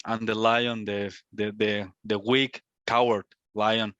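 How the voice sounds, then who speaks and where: A man's voice: on the low side, flat delivery, slow pace, hardly any pauses, fairly bright tone, dry recording. A man giving a reflective satsang talk as a spiritual teacher, repeating and circling back on his phrases. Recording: dull, lo-fi, dry.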